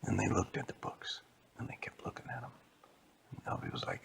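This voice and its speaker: A man telling an improvised bedtime story in a hushed, mostly whispered voice. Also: sits low, wildly swooping pitch, fairly quick, vocal fry.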